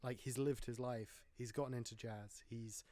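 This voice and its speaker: A man's voice: mid-range voice, fairly even intonation, normal speed, mellow, dry recording. Chatty man on a podcast. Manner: chatty, rambling, wry jokes. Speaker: podcast host. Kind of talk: casual film podcast chat.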